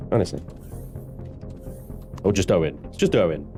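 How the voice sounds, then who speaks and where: A man's voice: medium pitch, very animated, brisk, long pauses, a little mellow, faint music behind. A man streaming a space game live, chatting loosely with his viewers and swearing now and then. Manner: chatty, swearing, banters with chat. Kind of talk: live gameplay commentary.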